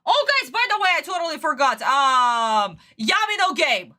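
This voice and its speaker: Bright, swearing, exasperated woman streamer. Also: high voice, big pitch swings, moderate pace. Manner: exasperated, ranting, swears a lot. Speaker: streamer reacting to a cartoon. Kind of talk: casual live-stream reaction.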